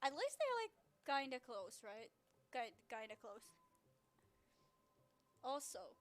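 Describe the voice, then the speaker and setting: Woman streamer, high and unhurried, excitable and sweary, restarts a lot, home setup mic. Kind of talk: casual live-stream chat.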